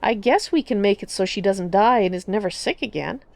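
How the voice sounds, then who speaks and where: A calm, stoic Nord man , read by a woman explains things plainly and evenly. The voice is close and dry, from a game roleplay. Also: mid-range voice, fairly quick, creaky, no echo. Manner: stoic, matter-of-fact. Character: stoic middle-aged Nord man necromancer.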